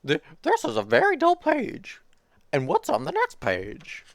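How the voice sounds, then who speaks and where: A furry male monster from a storybook, as a woman puts him on, pleading in a very high, strained and frantic voice. The pitch leaps wildly up and down as he begs and panics. The sound is dry and close, with no room around it. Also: wildly swooping pitch, measured pace, vocal fry, no echo, heavily acted. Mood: worried.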